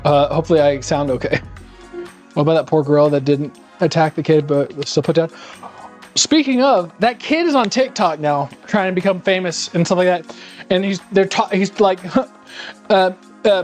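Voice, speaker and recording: This man's voice sits on the high side and moves at a normal speed. He's cooking live in his home kitchen for a stream, chatting casually in a rambling, sarcastic, animated way as faint music plays.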